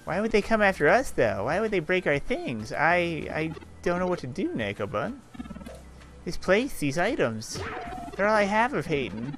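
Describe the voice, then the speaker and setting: A man's voice: sits high, sing-song, moderate pace, a bit bright, soft background music, pitched above the performer's own voice. Formal, earnest robot helper from a game, as a man puts it on, raised voice, anxious. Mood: distraught. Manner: formal, wordy, prone to emotional outbursts. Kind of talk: reading game dialogue aloud.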